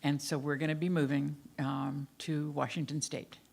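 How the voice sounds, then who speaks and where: An older woman, a guest minister from the American South with a faded Southern American accent, gives a candid, self-deprecating sermon about her own life to her congregation in a church sanctuary, mixing in personal stories. Her low-pitched voice is level and darkish, with vocal fry, at a moderate pace.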